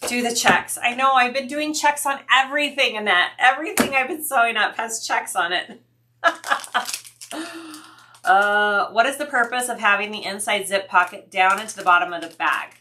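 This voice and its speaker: A woman's voice: a little high, moderate pace, pushed and bright, slight background noise. A woman hosting a sewing livestream, chatting casually with viewers, thinking aloud and answering their comments.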